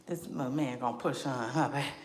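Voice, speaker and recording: A woman's voice: a bass voice, fast talker, a little hiss or hum. A woman hosting a podcast, ranting about celebrity news in slangy casual talk, sighing and laughing as she goes. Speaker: podcast host. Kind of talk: casual celebrity gossip monologue. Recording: echoey room.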